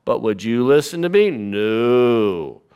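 A man's voice: mid-range voice, very animated, takes it slowly, a little mellow, clean tone, dull audio. A man in a sermon voicing an exasperated mother who scolds her son. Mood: exasperated nagging. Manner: nagging, exasperated. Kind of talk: comic impressions in a sermon.

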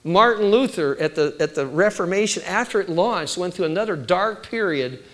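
A man's voice: sits high, lively intonation, normal speed. A middle-aged man preaching a sermon in a conversational, folksy way, with rhetorical questions and light humor. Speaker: pastor.

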